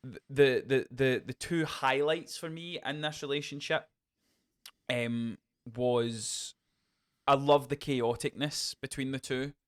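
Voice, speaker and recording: A man's voice: medium pitch, takes it slowly. Young guy on a podcast, gushing about a movie, does little voices for quotes. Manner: excitable, acts out quotes in voices. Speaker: podcast co-host. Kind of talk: casual film review chat.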